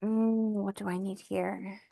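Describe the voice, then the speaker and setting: A woman giving an intuitive tarot reading, soft-spoken and emotional, thinking aloud as she turns the cards. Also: medium pitch, level tone, slow, gravelly, no room sound. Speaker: tarot reader.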